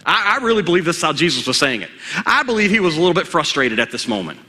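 A man preaching in a lively, conversational sermon style, with a high, bright voice. He throws questions out to the congregation, and his words echo around a large church hall. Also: rapid-fire.

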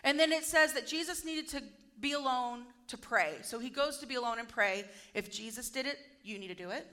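In a chatty, storytelling sermon, this preacher uses her high, bright voice and slips into quick impressions of the story's characters when quoting them. Her delivery remains easygoing and conversational.

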